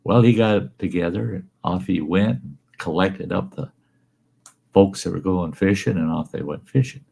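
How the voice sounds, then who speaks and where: A man's voice: sits low, moderate pace, vocal fry, warm tone, breathy edge. A man host telling a folksy, salty story about his own past.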